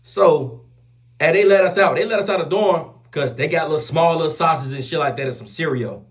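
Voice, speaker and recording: A young man telling a rough story in casual street slang, animated and profane, repeating oaths after every line. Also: fairly high pitch, a little fast. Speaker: storyteller vlogger.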